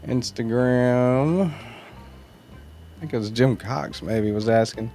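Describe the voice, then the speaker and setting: Faint music sits behind a man with a slow, dark, mid-range voice who hosts a knife channel livestream. He chats casually, greeting viewers by name and working through their comments in a relaxed, rambling way.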